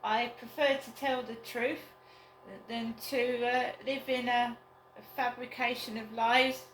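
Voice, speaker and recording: A woman rambling slowly and glumly in a casual solo vlog from her flat. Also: a little high, a little hiss or hum. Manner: slow, rambling, downbeat musing. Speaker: vlogger. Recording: roomy flat with faint ambience.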